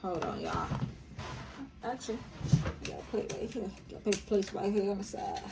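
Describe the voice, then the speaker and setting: A cooking vlogger with a medium-pitched voice speaks at normal speed, giving a casual tutorial in her home kitchen. She chats warmly with her viewers, calling them "y'all" and "baby," over heavy background noise.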